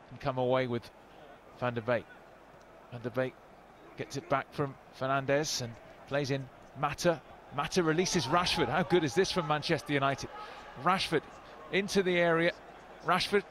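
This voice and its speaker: A man giving live football commentary, bursting into excited shouts at goals. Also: fairly high pitch, moderate pace. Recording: broadcast commentary over loud crowd noise. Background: stadium crowd.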